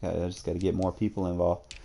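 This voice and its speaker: Checking his football video game stats, a young streamer talks to himself in a rapid-fire, level delivery. His voice is low and dark with vocal fry, and his casual gameplay commentary is laid-back, slangy and full of thinking aloud.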